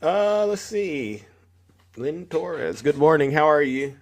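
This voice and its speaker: Speaking slowly in a voice on the high side, a man runs a live call-in stream where he talks politics in a relaxed way. He's animated and addresses listeners by name.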